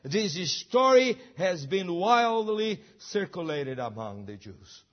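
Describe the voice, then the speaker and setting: A man's voice: sits high, very animated, slow pace, highs cut off. A man preaching a sermon, emphatic and full of rhetorical questions. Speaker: pastor.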